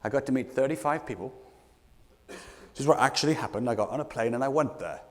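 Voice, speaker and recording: A British man giving an energetic, playful motivational keynote as a leadership coach, calling out to the audience from a conference stage. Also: mid-range voice, a little fast, long reverb tail. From Britain.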